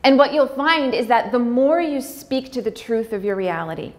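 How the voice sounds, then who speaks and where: A woman giving a personal talk, speaking candidly and heartfelt with fillers, sometimes breaking into quick, acted-out dialogue. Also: fairly high pitch, lively intonation. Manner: acts out dialogue in quick bursts. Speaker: speaker on pregnancy loss.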